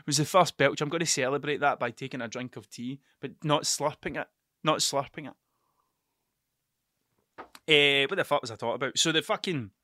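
A Scottish man hosting a solo podcast, rambling and swearing freely as he thinks out loud. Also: fairly high pitch, no room sound, clean studio sound. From Scotland. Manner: rambling, sweary, self-interrupting. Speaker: podcast host. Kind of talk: casual solo podcast monologue.

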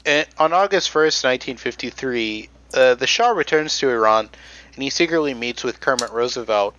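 Male podcast host, bright tone, casual rambling storyteller. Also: mid-range voice, normal speed, no room sound, muffled recording. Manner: rambling storyteller, many fillers. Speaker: podcast host telling history. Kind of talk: casual chat.

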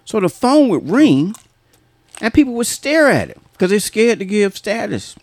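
A man's voice: high voice, big pitch swings, normal speed, a little mellow, dry recording. A man telling funny work stories in a profane, laughing, casual chat, often mimicking people.

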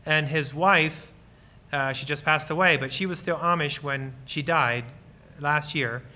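Earnest man with a bright, forceful voice. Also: fairly high pitch, unhurried. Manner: earnest and enthusiastic, telling personal stories; acts out short bits of dialogue while explaining. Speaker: guest speaker on ministry. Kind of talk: church talk with audience questions.

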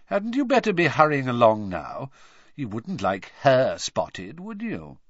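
A man's voice: mid-range voice, huge pitch swings, unhurried, no room sound, lo-fi sound. A man voicing a sneering teenage boy wizard who drawls lazily and mocks. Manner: drawling, lazy, mocking.

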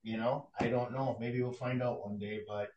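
Middle-aged male guest, mid pitch, reflective and halting, roomy echo on the mic. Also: steady tone, highs cut off, a little hiss or hum. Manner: reflective, faith-centred, halting with "you know". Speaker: guest, bereaved father. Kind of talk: casual interview. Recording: echoey room.

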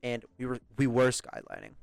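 A man's voice: medium pitch, wildly swooping pitch, a little fast, vocal fry, smooth, dry recording, soft background music. A young British man rambling through a story in casual podcast chat, swearing and laughing often. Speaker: podcast host.

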